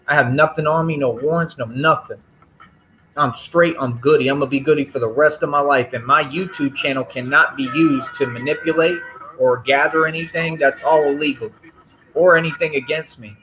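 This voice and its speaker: A man's voice: a little high, fairly even intonation, moderate pace, dull audio, slight background noise. A man hosting a live stream who addresses his chat in a confrontational, firm and repetitive way, lecturing them. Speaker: livestream host.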